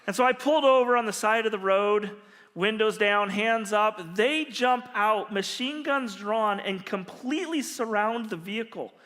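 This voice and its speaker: A man preaching as a pastor, telling stories in an animated, humorous way. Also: high voice, moderate pace. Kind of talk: storytelling sermon. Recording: long reverb of a large hall.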